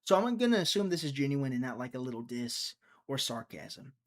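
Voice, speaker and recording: His medium-pitched voice swings widely in pitch as he talks briskly on a casual live stream. The young man from Mississippi rambles, cracks jokes and answers the chat, reading it aloud.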